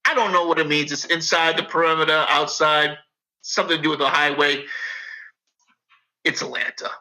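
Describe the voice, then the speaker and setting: A man's voice: fairly high pitch, moderate pace, low-quality recording. Profane, rambling man with a Boston accent. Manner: profane, rambling, animated storyteller. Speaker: podcast guest. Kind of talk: casual chat.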